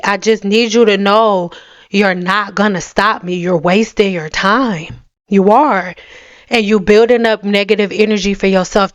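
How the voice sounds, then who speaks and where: A woman's voice: mid-range voice, a bit bright, clean tone, dry recording. A young woman hair care vlogger talking straight to camera, blunt and sassy, with emphatic delivery and playful mocking asides. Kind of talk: direct-to-camera rant.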